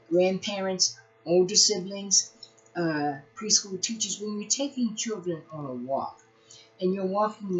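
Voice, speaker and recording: A woman teaching early reading, reading a picture book aloud to young children in an animated, sing-song way with playful asides. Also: fairly low pitch. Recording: dull lo-fi recording.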